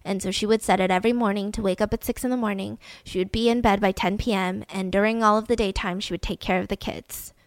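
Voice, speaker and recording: A woman podcast host telling a true-crime story in a casual, animated way, often indignant and full of "like". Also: medium pitch, quick pace, few pauses, no echo. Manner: animated and indignant, heavy use of "like".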